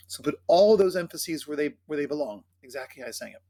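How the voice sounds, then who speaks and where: A man's voice: on the high side, expressive, mellow. A man teaching choir singers the words and phrasing of a carol, explaining pronunciation and singing short phrases to demonstrate. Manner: coaching diction, speaking then singing phrases slowly. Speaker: choir director. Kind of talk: choral rehearsal instruction with sung demonstrations.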